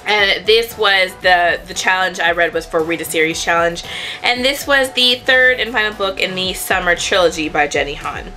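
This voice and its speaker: Young female vlogger, casual and rambling, bright tone, light music bed underneath. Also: lowish voice, moderate pace. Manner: chatty, rambling, self-correcting. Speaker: book vlogger. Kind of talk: casual chat to camera.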